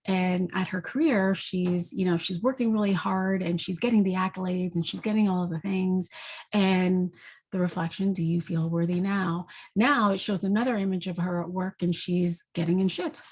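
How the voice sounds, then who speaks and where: A woman giving an intuitive energy reading, calmly telling a vision in a gentle, reflective way. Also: medium pitch, husky. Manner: gentle, reflective storytelling with fillers. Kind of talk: spoken guided vision.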